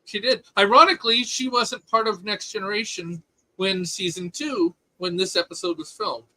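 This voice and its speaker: Male podcast co-host: bright, slightly high voice, opinionated, stumbling restarts, dry sound. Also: normal speed, no echo, rough recording. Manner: opinionated, animated, with many restarts. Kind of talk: casual chat.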